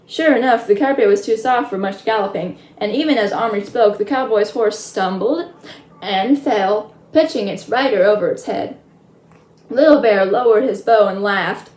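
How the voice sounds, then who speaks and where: A woman reading a children's chapter book aloud in a lively way, adding chatty asides. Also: medium pitch, moderate pace. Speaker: storyteller. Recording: roomy echo.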